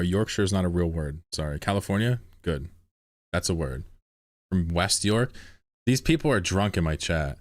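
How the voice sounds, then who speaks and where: A man's voice: sits low, no room sound, studio quality. A man streaming a game, chatting casually with his viewers in a sarcastic, mock-indignant ranting manner. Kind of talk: casual livestream banter with chat.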